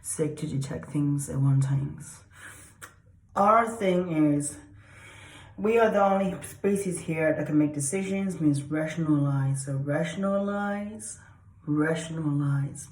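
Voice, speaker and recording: A woman's voice: low-pitched, slow, a little mellow. A woman giving an unedited, casual explainer talk as a self-styled dog and human psychologist, rambling and repeating herself and swearing for emphasis. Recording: roomy echo.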